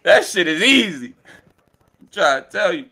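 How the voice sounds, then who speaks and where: Animated trash-talking man. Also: high voice, moderate pace, vocal fry. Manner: animated, taunting, swearing, laughing. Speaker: battle rapper. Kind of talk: casual trash talk. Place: indoors with friends.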